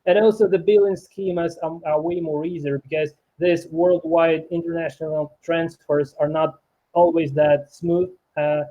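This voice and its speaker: A man from Ukraine speaking English in a casual chat, halting with many restarts and fillers. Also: fairly high pitch, steady tone, dark tone, highs cut off. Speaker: programmer and YouTuber. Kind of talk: casual conversation.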